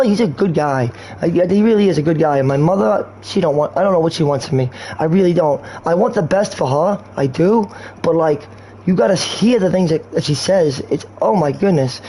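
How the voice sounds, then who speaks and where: Brief: rambling slangy male streamer, high voice, faint background noise. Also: mellow. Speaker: game streamer. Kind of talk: rambling casual stream talk.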